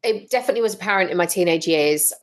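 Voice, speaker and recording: A woman talking as a podcast guest, telling her story frankly and with lively, blunt humour. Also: on the low side, racing. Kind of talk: casual interview chat.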